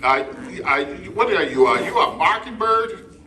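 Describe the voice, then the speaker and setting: A man's voice: sits high, animated, a little slow, distant mic. A man performing as a ventriloquist for children, coaxing his puppet in a playful way. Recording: echoey room with loud noise.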